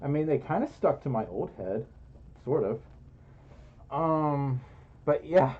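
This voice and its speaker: A man in a fursuit streams casually from indoors, reading out donations with playful giggles and jokes at his own expense. His mid-range voice is expressive and slow, and the recording sounds muffled.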